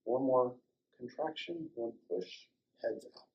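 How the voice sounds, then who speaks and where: An older man recounts a personal story in an animated way. He acts out the dialogue in raised voices and drops to a near-whisper at the tender moments. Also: mid-range voice, slow, lo-fi sound. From Colorado, United States. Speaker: chiropractor and guest speaker. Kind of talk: storytelling talk to a small audience.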